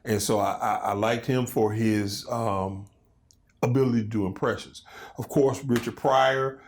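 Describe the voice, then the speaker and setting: Animated storytelling man in his fifties. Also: mid-range voice, a little slow, slight background noise. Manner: animated storytelling, loose and conversational. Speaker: comedian and guest. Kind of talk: casual interview chat.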